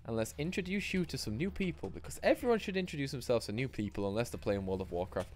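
A man's voice: mid-range voice, lively intonation, quick pace, darkish tone. A man giving sweary, rambling, self-mocking commentary while streaming a game live. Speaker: gaming streamer.

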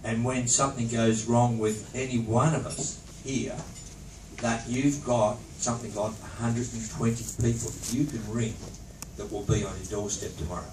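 A man in his sixties giving a plain, halting appeal to old friends at a reunion. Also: medium pitch, steady tone. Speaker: reunion speaker. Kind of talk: earnest speech. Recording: echoey room from far off with noise.

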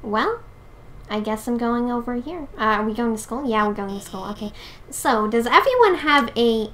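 A young woman in casual let's-play commentary, excitable and giggly, talking to her viewers. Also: on the high side, moderate pace, slight background noise. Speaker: gameplay streamer.

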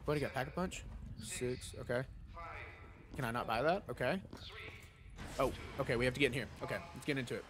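With long pauses between brisk bursts, a young man speaks in a mid-range voice over a desk mic. He is a gaming streamer at his home desk, casually talking and taking viewer questions during a live game stream.

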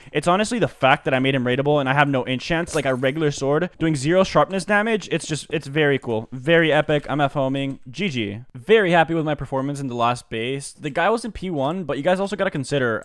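A man giving live commentary on his own gameplay, excitable and slangy, jumping from low muttering to loud outbursts. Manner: slangy, says dude and bro a lot. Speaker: gaming commentator.

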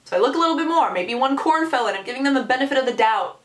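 A woman in her twenties telling a story on her vlog in an animated, sarcastic way. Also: high voice, rapid-fire. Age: 20s. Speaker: vlogger. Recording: echoey room sound.

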